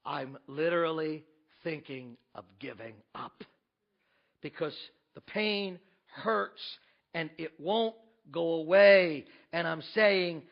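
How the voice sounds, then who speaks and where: A man preaching a sermon as pastor, emphatic, with rhetorical questions, swinging between loud and hushed. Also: a little high, takes it slowly, gravelly, muffled recording.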